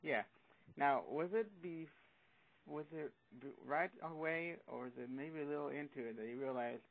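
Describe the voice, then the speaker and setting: A man's voice: fairly high pitch, moderate pace, narrow, tinny audio. A man calling in to a show, talking in a rambling, hesitant way. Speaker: caller. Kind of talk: casual call-in chat.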